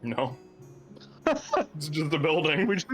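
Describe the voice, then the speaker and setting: A man's voice: a little high, very animated, slow, over music. A man running a tabletop game as dungeon master, narrating loosely with many fillers and frequent laughs.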